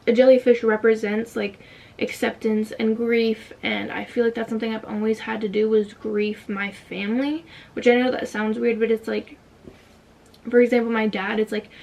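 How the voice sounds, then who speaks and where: A woman's voice: fairly high pitch, vocal fry, a little mellow, recorded from a distance. A young woman telling a personal story in a casual vlog, emotional and fighting back tears, with many "like" fillers. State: tight throat from holding back tears. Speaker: vlogger.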